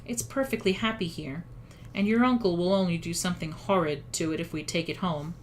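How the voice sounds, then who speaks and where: A woman voicing a curious, sensible young girl in a storybook reading, gently earnest and a little dreamy. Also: lowish voice, a little fast, slight background noise, natural voice.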